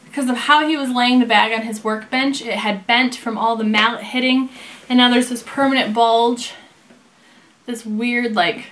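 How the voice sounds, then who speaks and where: A woman's voice: on the high side, normal speed. Chatty woman with a raised voice for a casual review vlog, quoting people as she tells a story. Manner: chatty, animated storytelling with quoted dialogue. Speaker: leather bag reviewer.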